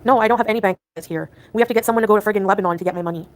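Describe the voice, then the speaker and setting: A woman from Canada livestreaming, venting quietly and talking to her chat. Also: medium pitch, rapid-fire. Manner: subdued, venting, talks to chat.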